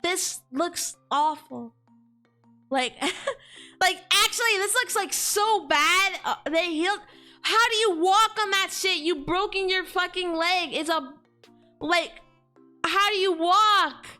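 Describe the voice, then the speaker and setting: Super high bright-voiced woman streamer, slow drawn-out slangy chatter. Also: faint music behind. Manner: slangy and exclaiming, heavy on "like" and "dude". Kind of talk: casual chat stream.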